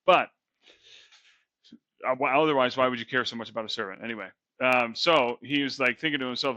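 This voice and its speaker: A man's voice: medium pitch, brisk, pauses often, bright, forceful tone, no room sound, muffled recording. Slangy man retelling Bible stories. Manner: slangy and chatty, lots of fillers. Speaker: podcast co-host.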